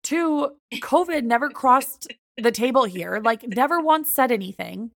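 Young woman with a gravelly voice. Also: on the high side, a little slow, no echo, studio quality. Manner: animated retelling, acts out both sides of quoted dialogue. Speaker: podcast co-host. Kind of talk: casual storytelling chat.

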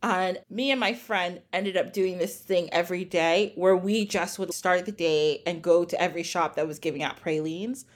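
A woman's voice: fairly low pitch, normal speed, hardly any pauses. A woman from the North Jersey area hosting a podcast, chatting casually and laughing often as she tells stories. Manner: giggly, chatty storyteller. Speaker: podcast host. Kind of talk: casual chat.

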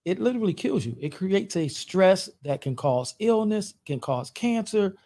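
A male pastor talks as a guest in a measured, preacherly manner, and he laughs easily between points. His voice swings widely in pitch, very animated and lively as he teaches. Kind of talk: conversational teaching.

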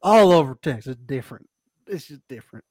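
A man's voice: on the high side, a little fast, background noise. A man co-hosting a casual podcast, playfully recapping a reality show with frequent laughter. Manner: animated, playful, laughs often. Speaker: podcast co-host.

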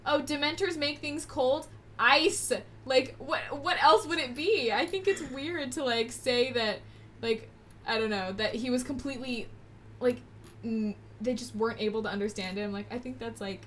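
Blunt, opinionated young woman, slightly high. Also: moderate pace, fairly bright tone, slight background noise. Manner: blunt, opinionated, laughs often. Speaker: co-host answering trivia. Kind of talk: casual chat.

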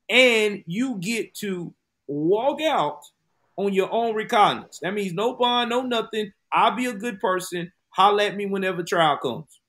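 Male true-crime podcast host, higher-pitched, emphatic, speaks directly to the audience. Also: fairly bright tone. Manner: emphatic, talks straight to listeners.

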